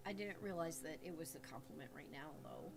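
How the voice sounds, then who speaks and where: A woman's voice: low-pitched, lively intonation, a little fast, gravelly, a crowd in the background. A woman co-hosting a casual livestream chat, chatty and opinionated, teasing her partner. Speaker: co-host.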